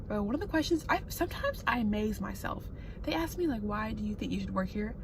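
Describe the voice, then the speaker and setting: A woman in her twenties, a recent graduate, chatting candidly and excitably in a casual vlog, swearing casually as she talks to a phone camera in her parked car. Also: medium pitch, fast talker. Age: 20s. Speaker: vlogger. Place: parked car with the air conditioning running. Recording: phone audio with loud A C hum.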